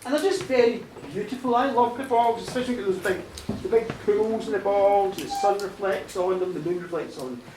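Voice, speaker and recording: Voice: mid-range voice, fairly quick, background noise. An Irish storyteller talking chattily to a live audience in a bar, laughing at their own jokes. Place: bar stage, live show. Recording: roomy live bar, distant mic.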